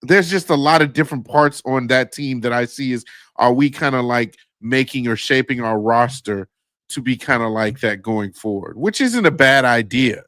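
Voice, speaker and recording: A man's voice: medium pitch, moderate pace, fairly bright tone, no echo. A man co-hosting a casual sports talk show, upbeat and hopeful as he makes his case. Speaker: sports podcast co-host.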